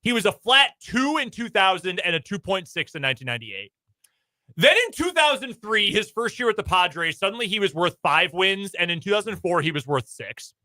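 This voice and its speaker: High bright-voiced man reciting stats. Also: big pitch swings, fairly quick, no room sound. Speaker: sports radio co-host. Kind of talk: casual sports radio chat.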